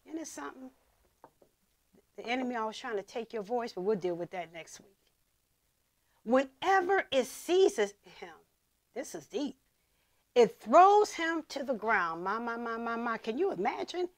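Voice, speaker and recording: A woman pastor preaching a sermon, reading scripture with dramatic emphasis and dropping to a hush for asides. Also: a little high, big pitch swings, measured pace, pauses often. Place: church.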